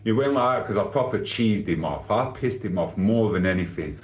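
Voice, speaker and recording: A man with a broad Sheffield accent chats on a live stream, rambling and joking as he reads out viewer comments. His voice sits fairly low. The room gives it a noticeable echo. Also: lively intonation, normal speed. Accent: Sheffield, Yorkshire. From England. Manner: rambling, jokey banter with frequent laughs. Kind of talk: casual live stream chat reading comments.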